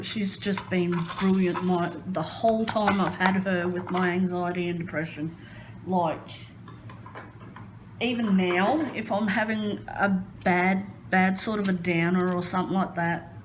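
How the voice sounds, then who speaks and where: A woman's voice: mid-range voice, a little hiss or hum, poor audio. A woman chatting casually while crafting at home, rambling and hesitant with many ums. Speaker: crafting vlogger.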